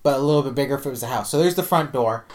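Animated, profane storytelling man. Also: mid-range voice, very fast. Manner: animated, profane storyteller who acts out quotes. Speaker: podcast co-host. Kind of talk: casual chat, storytelling.

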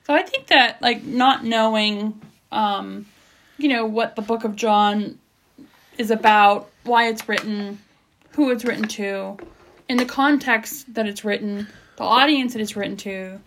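A woman's voice: mid-range voice, measured pace, a bit bright, a little hiss or hum. A woman co-hosting a casual Bible chat, thinking aloud in a chatty way with lots of "like". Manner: chatty, many "like" fillers while thinking aloud. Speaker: co-host, wife of the host.

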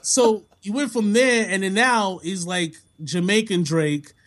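Casual podcast co-host, man, high-pitched and animated, quick to laugh. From half Bajan, family in Toronto. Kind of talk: casual chat.

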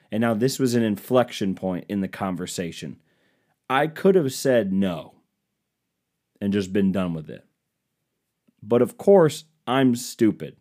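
A young man hosts his own podcast in a loose, comic storytelling monologue. His voice sits somewhat low for a man. He swears freely and pokes fun at himself. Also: measured pace, darkish tone. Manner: casual, profane, self-deprecating. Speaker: podcast host.

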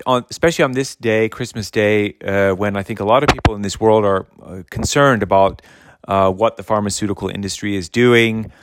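Guy w a lowish voice giving a religious talk, lots of uh and restarts, dry close sound. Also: fairly bright tone, no room sound. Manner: halting, many fillers and restarts. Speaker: religious speaker.

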